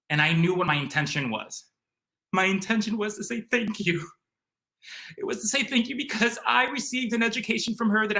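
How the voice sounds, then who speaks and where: A young man from the area, eagerly telling a personal story in an animated way, full of "like" and "um". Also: sits high. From Chicago area. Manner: animated, excitable, uses lots of "like" and "um". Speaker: storyteller guest.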